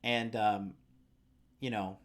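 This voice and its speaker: A man's voice: lowish voice, little pitch movement, slow pace, fairly bright tone. A young man hosting a dating-advice show, telling stories and giving advice in a casual, profane, rambling way and reading out viewer comments. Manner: profane, rambling, filler-heavy. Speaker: dating coach host.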